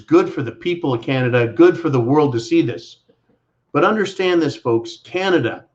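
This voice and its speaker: A man's voice: medium pitch, highs cut off. An American man hosting his own channel, giving sarcastic political commentary and addressing his listeners as folks. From United States. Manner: mocking, repeating sarcastic catchphrases, calls listeners folks. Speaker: channel host.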